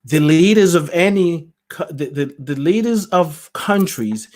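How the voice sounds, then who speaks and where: A man's voice: a little high, animated, unhurried, a little mellow. A man hosting his own podcast, giving a rambling spiritual talk, musing aloud, laughing often and losing his thread. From lives in the UK. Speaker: podcast host. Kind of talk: spiritual talk, casual monologue. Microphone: solo podcast mic, self-produced.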